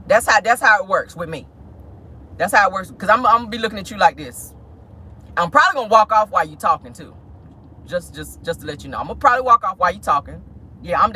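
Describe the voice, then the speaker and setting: A woman's voice: on the low side, a little hiss or hum, low-quality recording. A woman, chatting sassily and dramatically to viewers from a parked car. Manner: animated, sassy, dramatic, talks straight to viewers. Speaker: vlog host. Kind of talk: casual live-stream chat.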